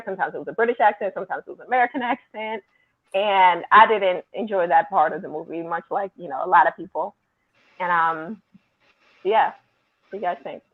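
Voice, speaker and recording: Chatty female co-host, slightly husky, heard over a lo-fi phone-like line. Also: lowish voice. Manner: chatty, many fillers like "like". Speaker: podcast co-host. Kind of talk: casual opinionated review chat.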